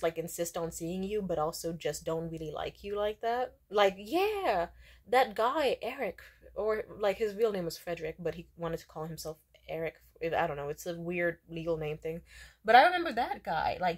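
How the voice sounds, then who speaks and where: A young woman vents about a bad date in a loose, casual rant. She is blunt and indignant, swears freely and fills her talk with fillers. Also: mid-range voice. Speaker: vlogger.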